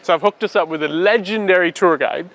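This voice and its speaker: A man's voice: sits high, brisk, a bit bright. Enthusiastic man hosting a vlog. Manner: enthusiastic, hyping things up. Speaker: show host. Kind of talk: casual vlog chat.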